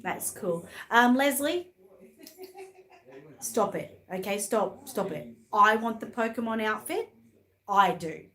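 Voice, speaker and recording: A woman's voice: mid-range voice, lively intonation, slow pace, pauses often, a bit bright. Chatty, teasing Australian woman host. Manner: chatty, teasing, laughs often. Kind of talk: casual live chat.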